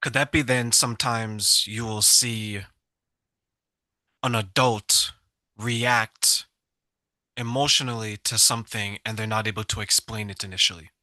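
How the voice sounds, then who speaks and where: A man's voice: fairly low pitch, fairly even intonation, unhurried, pauses often, bright, forceful tone, no echo. A man hosting an interview, asking reflective, probing questions. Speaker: host.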